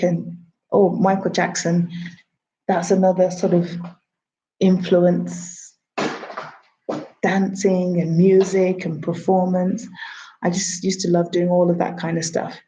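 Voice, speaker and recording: A woman's voice: fairly low pitch, dark tone, a little hiss or hum, poor audio. A woman in her thirties, a TV producer, chatting casually on a livestream, answering her own questions and greeting viewers. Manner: chatty, talks to herself and viewers.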